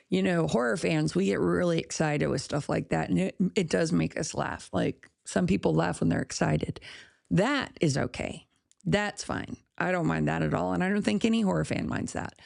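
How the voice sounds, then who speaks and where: Podcast host, woman, low gravelly voice, blunt and profane, dry close sound. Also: animated, moderate pace, darkish tone, no room sound. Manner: blunt, profane, laughs at her own jokes. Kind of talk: casual ranting monologue.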